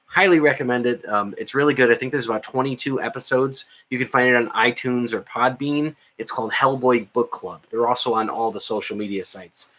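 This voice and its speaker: A man's voice: medium pitch, fairly quick, hardly any pauses, a bit bright. A man co-hosting a podcast, chatting casually about movies with lots of fillers and restarts. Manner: rambling, many fillers and restarts. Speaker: podcast co-host.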